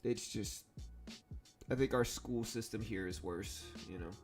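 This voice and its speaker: Relaxed Southern man livestreaming. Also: on the low side, unhurried, faint music behind. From South Louisiana. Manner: relaxed, rambling, lots of fillers. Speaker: stock trading livestream host. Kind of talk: casual livestream chat.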